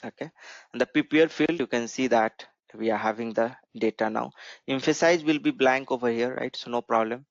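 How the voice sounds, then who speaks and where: A man's voice: medium pitch, a little fast, gravelly, dry recording. A man teaching a programming class, walking through code on screen and often checking in with "right?". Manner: explanatory, asks "right?" often. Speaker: programming instructor. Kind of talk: screen-share coding tutorial. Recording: dull lo-fi mic.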